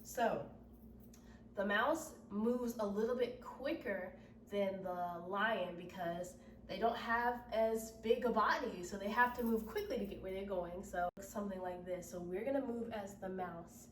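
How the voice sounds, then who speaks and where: A woman teaching children an acting lesson, explaining slowly and patiently and often asking "right?". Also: medium pitch, slight background noise. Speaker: drama teacher. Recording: roomy echo, from mic distance.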